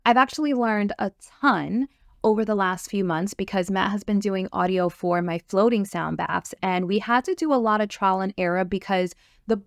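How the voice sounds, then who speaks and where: In a clean studio recording with no echo, a woman with a gravelly, medium-pitched voice promotes her sound therapy course at a moderate pace. She hosts the chat with upbeat eagerness, using fillers and restarting sentences as she goes.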